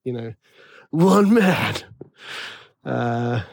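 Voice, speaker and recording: A man's voice: mid-range voice, expressive, extremely slow, creaky, no room sound. A man with a tenor voice hosting a podcast, rambling and self-deprecating in casual chat full of fillers. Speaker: podcast host.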